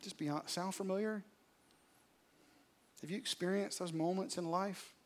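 A male pastor with a high voice delivers a sermon in church. He drops to near-whispers, then builds to loud, driving peaks. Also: fairly even intonation, normal speed. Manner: dramatic, swings from hushed to loud. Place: church service.

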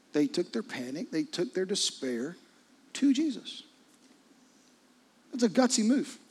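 A middle-aged man preaching a sermon in a husky, slightly high voice. He drops to near-hushed asides, then climbs to loud, urgent peaks. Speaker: pastor.

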